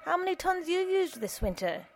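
A woman's voice: extremely high pitch, sing-song, normal speed, voice pushed up, full character voice. A woman voicing a middle-aged male alderman who talks in a folksy, plain-spoken way.

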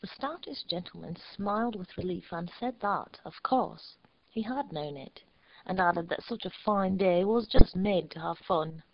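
A woman reads a story aloud at an even, unhurried pace, her voice carrying a gravelly fry. The recording is dry and a little dull, with no room sound around her. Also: fairly low pitch, no room sound. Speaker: narrator. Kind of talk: storybook narration.

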